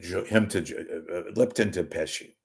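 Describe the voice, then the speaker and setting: A man hosting a live solo talk show, rambling and wisecracking in a meandering, self-interrupting way with a low-key, deadpan delivery. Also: normal speed, vocal fry, husky.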